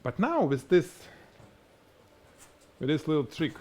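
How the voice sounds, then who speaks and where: A man with a strong Russian accent whose first language is Russian, teaching product photography on a live stream in an animated, demonstrating way. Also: fairly high pitch, takes it slowly. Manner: animated, explains by demonstrating, laughs at himself. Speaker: photography instructor.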